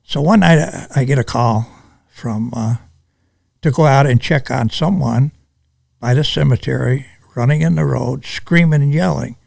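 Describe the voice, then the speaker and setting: Older man, gravelly voice, dry close sound, halting retired cop telling stories. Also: medium pitch, darkish tone, no echo. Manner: halting, unhurried telling with many restarts. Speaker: retired police sergeant. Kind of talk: casual storytelling interview.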